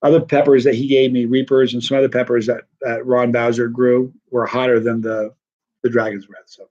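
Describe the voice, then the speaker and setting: A man's voice: medium pitch, level tone, a little fast, darkish tone, dull audio. A middle-aged man hosting a hot-pepper challenge live stream, chatting casually and rambling through comments with lots of restarts.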